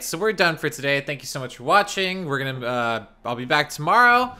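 A man's voice: a little high, animated, a little fast, few pauses, pushed and bright, clean tone. A man streaming a video game, grumbling and sarcastic as he plays and signs off. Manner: frustrated, sarcastic, swearing. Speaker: gaming streamer. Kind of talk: let's play commentary.

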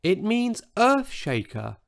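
A man voicing a huge, gentle male dinosaur who speaks in a tiny, timid, whispery voice for a storybook. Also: high voice, wildly swooping pitch, takes it slowly, gravelly, pitched above the performer's own voice, heavily acted. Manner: soft, meek, whispery.

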